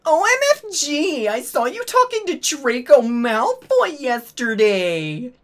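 A man's voice: very animated, slow, a bit bright, faint music behind, exaggerated voice. A man doing a squealing teen goth girl. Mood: squealing excited. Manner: squealing, exaggerated falsetto.

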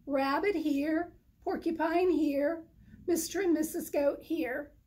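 A woman reading the part of a kindly, friendly male moose in a children's story, speaking slowly and gently. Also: high-pitched, steady tone. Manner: slow, gentle storybook delivery.

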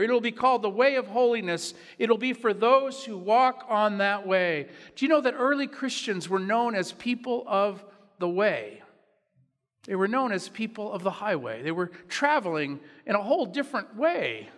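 A pastor delivering a sermon in an earnest, personal storytelling way. His voice sits fairly high for a man. The sound carries the long reverb of a church sanctuary. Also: fairly bright tone.

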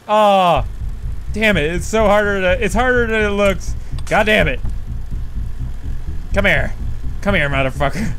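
A man doing let's play commentary, loud and profane, yelping and laughing as he plays. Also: high-pitched, animated, unhurried. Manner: loud, profane, yelps and laughs while playing. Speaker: gaming YouTuber. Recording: faint background noise.

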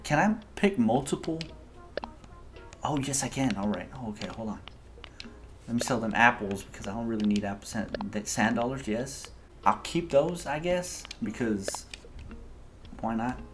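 A man hosting a gaming video, giving excitable, slangy let's-play commentary straight to his viewers. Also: mid-range voice, background noise. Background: game music.

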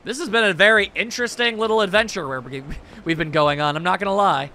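A man's voice: sits high, quick pace, slight background noise. A man hosting a let's play video, joking playfully between lines of game dialogue. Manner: playful, animated, joking asides. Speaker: gaming video host.

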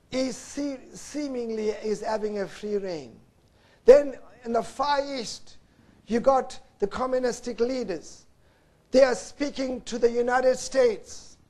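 High-voiced preacher, slow and dramatic. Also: male voice. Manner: preaching with dramatic swings from loud emphasis to hushed low tones; repeats "brothers and sisters" as an address. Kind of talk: sermon.

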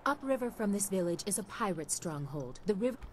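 A woman's voice: medium pitch, big pitch swings, brisk, slight background noise, close to an everyday voice. An actress voicing a poised, aloof noblewoman warrior with formal, haughty diction in a video game. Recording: game audio with score. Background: game music.

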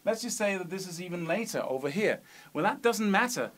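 Man explaining guitar picking, slightly high voice. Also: lively intonation, brisk, fairly bright tone. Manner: explanatory, sings rhythms as syllables, rhetorical "right?". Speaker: guitar teacher. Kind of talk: explaining technique to camera.

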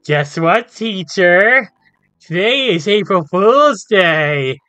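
A playful young schoolgirl from a game chirps her lines in a lifted, bouncy voice, as a man puts her on. The tone is bright and pushed forward, recorded dry and close, with faint game music underneath. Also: high-pitched, sing-song, slow, no echo, voice pushed up, heavily acted. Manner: reads the character's lines in a raised voice.

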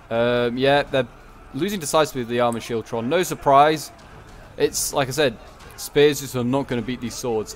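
A man giving casual, rambling commentary on a strategy game battle, correcting himself and tossing in joking asides. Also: medium pitch. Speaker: gameplay commentator.

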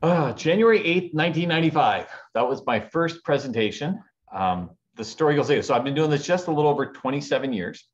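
A man in his forties, a guest on a business podcast, telling his story with lively acted-out quotes. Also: a little high, fast talker. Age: 40s. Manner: animated storyteller acting out quoted voices. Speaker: guest speaker. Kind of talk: storytelling interview. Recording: dull lo-fi audio.

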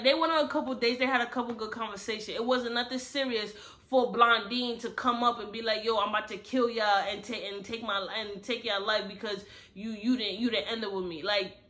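A woman giving a casual book review recap, talking bluntly and with lots of slangy asides. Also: a little high. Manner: animated, blunt, slangy storytelling with frequent asides.

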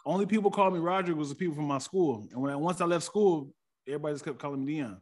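A man's voice: fairly high pitch, very fast, a little mellow. A man guesting on a podcast, laid-back and joking in casual chat.

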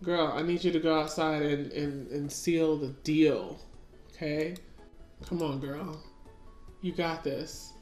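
A let's-play gamer with a low, steady, slightly mellow voice takes it slowly as she casually comments on her gameplay. She's chatty and talks to her game characters, recorded in an echoey room with faint music.

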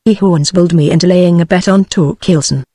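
A woman's voice: on the low side, steady tone, brisk, dark tone, breathy edge, no room sound, clean studio sound. A synthetic British-accented female voice reading the lines of a panicky, whining old sailor, with no change from its narrating voice. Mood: wailing. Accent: British English.

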